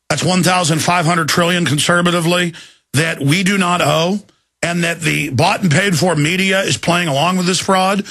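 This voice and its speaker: Gravelly raspy man ranting on radio. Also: high voice. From Texas. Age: 30s. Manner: angry, shouting, rapid tirades. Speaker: radio host. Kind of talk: ranting talk radio monologue.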